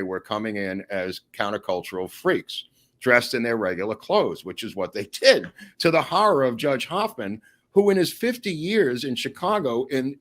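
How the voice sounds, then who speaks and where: A man telling a long story in a casual podcast chat, animated and digressive, often acting out the quotes he tells. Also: medium pitch.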